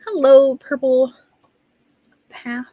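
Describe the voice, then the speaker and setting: High-voiced woman, chatty stream host. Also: fairly even intonation, very slow, dark tone, dry recording. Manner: chatty, laughs often, apologetic. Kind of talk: casual chat during writing sprints.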